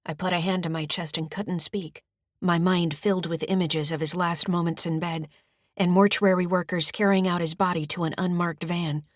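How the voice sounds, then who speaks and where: A woman narrates a first-person audiobook in a calm, measured way, her voice sitting on the low side. The recording is dry and close, with no room sound. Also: dry recording. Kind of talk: scripted narration.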